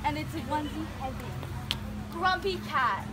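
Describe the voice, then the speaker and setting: A woman's voice: sits high, heavy background noise. A young woman with an Australian accent, chatting casually and giggly for her vlog. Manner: relaxed, giggly, drawn-out. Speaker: vlogger, cheerleader.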